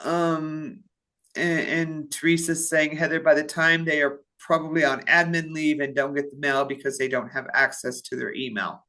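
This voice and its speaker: A woman's voice: sits low, level tone, normal speed, pushed and bright. A woman from payroll presenting in a staff webinar, reading out attendee questions and answering them with many fillers and restarts while she has the hiccups.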